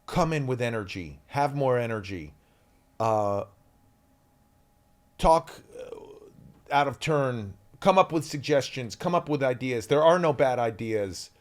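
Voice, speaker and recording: Energetic male actor telling stories. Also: medium pitch, measured pace. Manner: energetic, animated, shouts out quoted lines. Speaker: actor guest. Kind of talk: candid interview storytelling.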